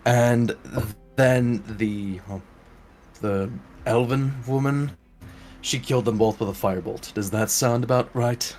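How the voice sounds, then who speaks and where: A man's voice: mid-range voice, slow, darkish tone, slight background noise. Young man taunting in character. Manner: taunting, drawling. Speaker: player. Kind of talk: in-character tabletop role-play.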